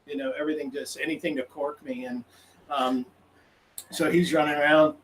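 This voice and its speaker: High-voiced man telling rambling stories. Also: moderate pace, a little hiss or hum, rough recording. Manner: animated, laughs through his stories; rambling, many restarts and quoted self-talk. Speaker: podcast guest. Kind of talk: casual storytelling.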